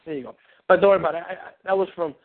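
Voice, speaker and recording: A man coaching on a phone call, animated and rambling, acting out little scenes. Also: sits high, rapid-fire. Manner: animated, rambling, acts out quotes. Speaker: relationship coach. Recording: tinny phone line.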